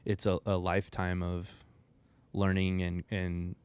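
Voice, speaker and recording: A man co-hosting a church podcast, reflecting thoughtfully in a halting, unhurried way. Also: deep voice, monotone, darkish tone, clear, resonant tone, dry recording. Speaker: podcast co-host. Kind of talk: casual reflective chat.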